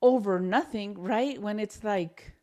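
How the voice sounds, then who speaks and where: A young woman co-hosting a podcast, telling a personal story in a candid, animated way, with many restarts and the odd Spanish word. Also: medium pitch, slow. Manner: animated, restarts often, mixes in Spanish words. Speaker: podcast co-host.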